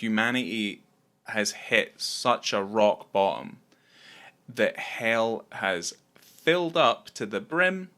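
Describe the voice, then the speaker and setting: A man's voice: lowish voice, bright, forceful tone. A man co-hosting a podcast, talking casually and rambling about a film, swearing often. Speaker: podcast co-host.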